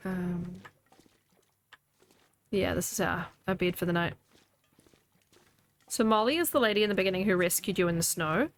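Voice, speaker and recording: A woman's voice: lowish voice, normal speed, pauses often, slight background noise. Kiwi lady in her 30s w a bit of scottish in her accent, chatty gaming stream, laughs a lot, talks to chat. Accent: New Zealand with a slight Scottish tinge. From New Zealand. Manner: chatty, laughs often, reads chat aloud. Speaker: game streamer. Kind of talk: casual gaming commentary. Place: home room.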